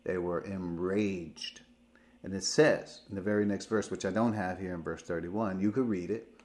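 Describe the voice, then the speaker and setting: A man preaching a sermon, teaching through Bible verses point by point with slow emphasis. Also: low-pitched, steady tone, darkish tone.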